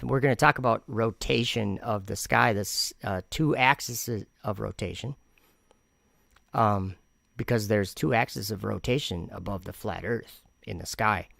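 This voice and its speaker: A man's voice: mid-range voice, a little slow, creaky, fairly bright tone, no echo, studio quality. A man hosting a commentary vlog, reacting to comments in an argumentative, sarcastic way and rambling with frequent restarts. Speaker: channel host.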